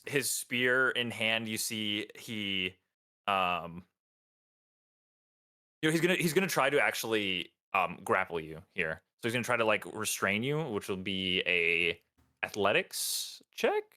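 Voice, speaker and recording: A man narrating a tabletop game as dungeon master, halting and full of ums and restarts. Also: on the low side, animated, pushed and bright.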